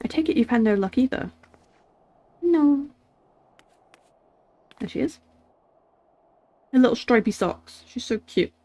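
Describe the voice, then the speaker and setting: A woman's voice: a little high, animated, a little slow, long pauses, darkish tone, no echo, lo-fi sound. A woman streaming a video game, chatting casually and reading game lines aloud.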